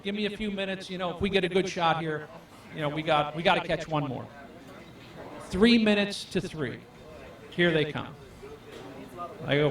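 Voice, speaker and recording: A man with a fairly high voice tells fishing stories to a live audience with plenty of energy. He acts out each person's lines as he goes. His voice echoes around the room and sounds as if it comes from well away from the microphone. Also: moderate pace, long pauses, fairly bright tone. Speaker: fishing guide. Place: event hall. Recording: echoey room, far from the mic.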